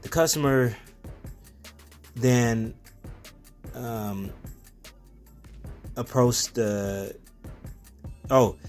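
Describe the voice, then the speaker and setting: A man's voice: mid-range voice, extremely slow, pauses often, faint music behind. A man giving a casual, rambling storytelling monologue as a self-help vlogger, with plenty of fillers and restarts.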